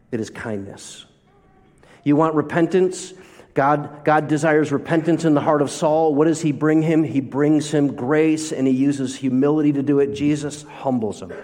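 A man with a slightly high, darkish voice preaches a sermon as a pastor, telling stories and putting rhetorical questions to his listeners. The recording carries the long reverb of a large hall.

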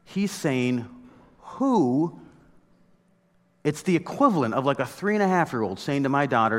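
Animated preaching man in a reverberant hall. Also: on the high side, unhurried, long pauses. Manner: conversational, animated storytelling with mock outbursts. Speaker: pastor. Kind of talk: sermon.

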